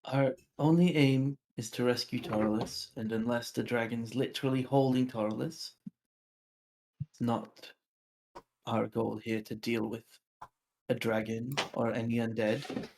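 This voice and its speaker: A man's voice: medium pitch, fairly even intonation, unhurried, background noise. A man playing a tabletop game who jokes and thinks aloud while planning, speaking over an online call. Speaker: player. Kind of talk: casual tabletop game talk.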